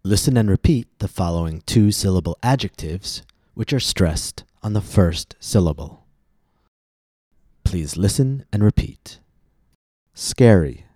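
A male pronunciation teacher with a deep, mellow voice talks slowly and deliberately. He leans hard on stressed syllables in his example words. The recording is dry and close. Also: expressive, dry recording. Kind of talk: scripted pronunciation lesson.

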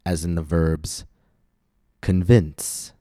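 Slow, deep-voiced male pronunciation teacher. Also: warm tone, dry recording, clean studio sound. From United States. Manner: slow, deliberate, clearly enunciated drills. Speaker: pronunciation teacher and podcast host. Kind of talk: scripted pronunciation lesson.

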